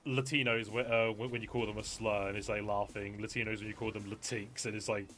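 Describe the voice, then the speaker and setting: A man's voice: on the low side, level tone, fairly quick, a bit bright, slight background noise. A man hosting a casual gaming stream, rambling with many fillers and restarts and swearing freely. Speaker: streamer host.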